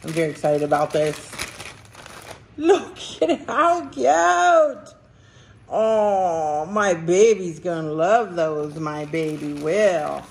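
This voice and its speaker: A woman vlogging in a casual, playful way, her voice swinging freely up and down as she chats and coos to her dogs. She talks at an unhurried pace with a faint hiss of noise behind her. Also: on the low side, lively intonation, gravelly, a little mellow. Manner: playful, sing-song, chatting to her dogs. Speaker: vlog host. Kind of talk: casual unboxing vlog.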